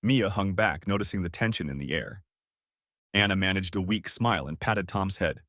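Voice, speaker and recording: Low-voiced man narrating a story. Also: no room sound, studio quality. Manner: measured, calm storytelling. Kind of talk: scripted first-person narration.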